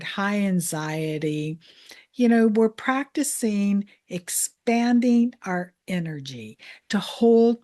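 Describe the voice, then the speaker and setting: A woman money mindset coach giving a calm, soothing self-help training talk. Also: mid-range voice. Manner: calm, slow, soothing guidance.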